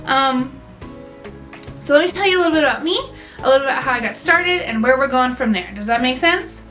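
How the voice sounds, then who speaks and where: Young woman vlogger, high bright voice, bubbly and chatty, faint music behind. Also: animated, a little fast. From central Pennsylvania. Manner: bubbly, self-mocking, chatty. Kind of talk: casual chat to camera.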